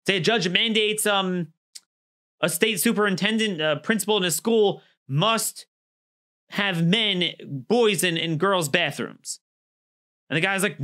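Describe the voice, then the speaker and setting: Bright-voiced argumentative man. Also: sits high, a little slow. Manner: argumentative, emphatic, acts out quoted exchanges. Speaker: political commentator. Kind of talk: opinion monologue.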